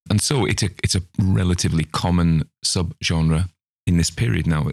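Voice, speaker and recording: Aussie guy, really low voice, dry close mic, chatty rambling podcast talk. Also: moderate pace, gravelly, no echo. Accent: Australian. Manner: rambling, chatty, self-mocking asides. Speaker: podcast host. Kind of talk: casual spoken commentary on a ghost story.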